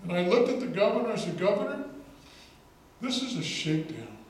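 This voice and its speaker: A man's voice: high voice, very animated, quick pace. A man who is a state legislator, giving an emphatic storytelling speech at a political rally. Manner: storytelling, emphatic, repeats words for effect. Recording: echoey hall, distant mic, faint noise.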